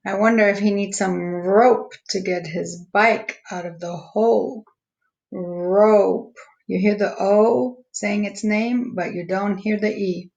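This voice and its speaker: A woman teacher slowly walking young students through a phonics lesson, stretching out each word's sounds. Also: medium pitch, fairly even intonation, vocal fry, darkish tone, highs cut off. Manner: slow, patient, stretching out each word sound.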